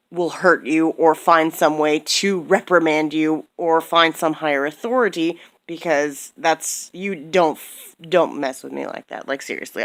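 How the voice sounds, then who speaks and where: A woman's voice: sits low, a bit bright. A woman in her thirties giving a heated, profane personal rant, tired and repeating herself as she vents. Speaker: vlogger.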